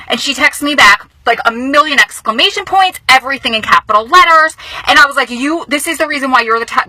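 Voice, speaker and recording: A woman vlogging from a car, telling news in a casual, emotional and excited way, often speeding up. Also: high voice, no echo, poor audio. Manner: excited, emotional, talks fast in bursts. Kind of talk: casual vlog storytelling. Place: inside a car.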